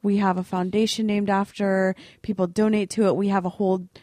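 A woman's voice: mid-range voice, level tone, brisk, dark tone, no room sound, clean studio sound. A woman co-hosting a podcast, talking in an earnest, rambling, hesitant way in casual chat. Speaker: podcast co-host.

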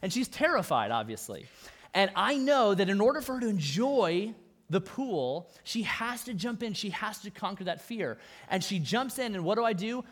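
A man with a fairly high voice delivers a sermon like he is talking with the room. He leans on key words with emphasis and drops in wry asides along the way. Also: sing-song, moderate pace, fairly bright tone. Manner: conversational, emphatic preaching with asides and humor. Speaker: pastor.

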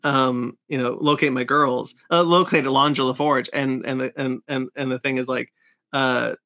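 A man's voice: mid-range voice, steady tone, moderate pace, pushed and bright. A man hosting a podcast, chatting casually and with strong opinions, full of fillers and restarts. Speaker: podcast host. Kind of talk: casual review chat.

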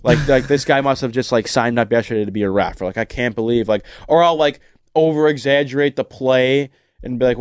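A man's voice: mid-range voice, fast talker, smooth, no room sound, clean studio sound. A man in casual podcast chat, ranting with lots of "like" and restarts. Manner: ranting, heavy use of "like", frequent restarts.

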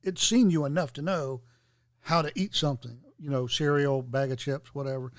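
A fairly high-voiced man chats loosely and jokingly, wandering from point to point. The sound is dry and close, with no room around it. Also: moderate pace, no room sound. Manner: rambling, jokey, digressive storytelling. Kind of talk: casual podcast chat.

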